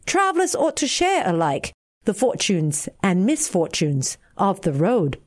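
A woman reading the part of a wise male traveling companion in a fable, measured and lecturing. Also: high voice, huge pitch swings, full character voice.

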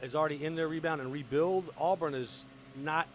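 Lively sports radio host. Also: male voice, fairly high pitch, brisk, slight background noise. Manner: lively, joking, leads the talk.

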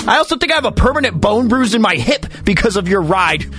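Male sports radio host, fairly high voice, mock-dramatic delivery, music bed behind. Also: quick pace. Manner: animated, mock-dramatic, comic slam-poetry delivery. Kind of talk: radio show monologue.

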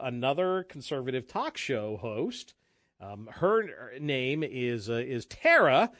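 Man, radio talk host, slightly high voice, chatty, stop-start delivery, laughs a lot. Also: a bit bright, no room sound, studio quality. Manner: chatty, halting restarts, laughs often. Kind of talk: casual radio show banter.

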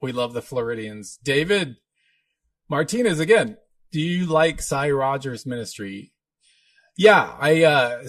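A man's voice: mid-range voice, a bit bright, no echo. A man hosting a casual livestream, answering viewer questions in a rambling, easygoing way. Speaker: livestream host and minister.

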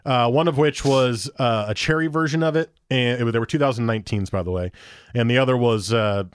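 A man in a casual podcast chat, rambling through stories and slipping into the voices of people he quotes. His voice sits at an ordinary pitch. The sound is close and dry, with no room around it. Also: a little fast, clear, resonant tone, no room sound. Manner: rambling, storytelling, acts out quoted dialogue. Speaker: podcast co-host. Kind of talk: casual chat about beer.

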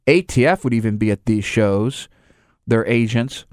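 A man's voice: mid-range voice, normal speed, no echo, clean studio sound. Rambling man explaining, acting out scenes. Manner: explains in rambling restarts, acts out little scenes. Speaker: gun store owner. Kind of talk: casual conversation.

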